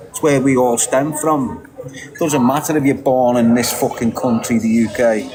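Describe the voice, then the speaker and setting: A man from England with a Scouse accent, delivering a heated, sweary, opinionated rant that repeats its points forcefully. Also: mid-range voice, fairly even intonation, moderate pace, rough recording. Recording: loud crowd behind the voice.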